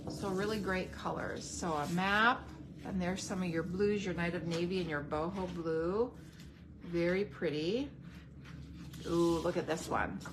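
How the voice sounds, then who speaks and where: A woman hosting a craft unboxing video. She gushes over each item and pauses to think aloud when she needs a word. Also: lowish voice, noisy background. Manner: enthusiastic, gushing over products. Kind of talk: unboxing product demo.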